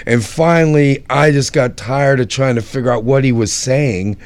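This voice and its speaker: A man's voice: medium pitch, moderate pace, no echo. A man telling wry backstage stories from the events he organized in a casual chat. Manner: animated, wry storyteller. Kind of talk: anecdotal storytelling.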